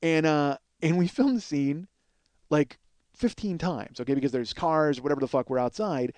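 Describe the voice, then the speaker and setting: A man hosts a podcast and tells a profane comic story, jumping into the voices of the people he quotes. His voice sits a little high for a man. The sound is dry and close, with no room around it. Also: moderate pace, dry recording. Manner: profane, animated, acts out quoted dialogue. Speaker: podcast host.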